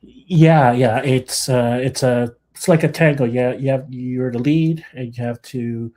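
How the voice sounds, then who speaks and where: A man's voice: medium pitch, darkish tone. Hesitant man hosting a podcast. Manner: halting, many fillers and restarts. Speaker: podcast host. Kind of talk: podcast interview. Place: video call.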